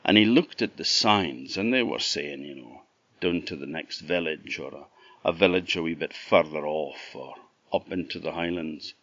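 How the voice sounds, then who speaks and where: A man from Orkney with an Orkney Scottish accent telling a folk tale in a relaxed, lilting, expressive way. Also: a bass voice, moderate pace, no echo, dull audio. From Orkney Islands. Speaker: storyteller. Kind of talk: oral folk storytelling.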